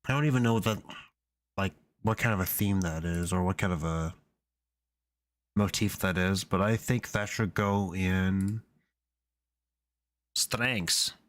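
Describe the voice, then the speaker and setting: A man's voice: low voice, measured pace, long pauses, a bit bright. A man casually thinking aloud to himself as he composes music on a stream, hesitant and muttering. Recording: music playing faintly behind.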